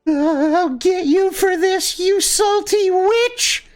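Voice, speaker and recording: A woman voicing a small, desperate male gingerbread warrior who talks in an excitable, melodramatic way in a tabletop game. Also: extremely high pitch, drawn-out words, faint music behind, voice pushed up, exaggerated voice.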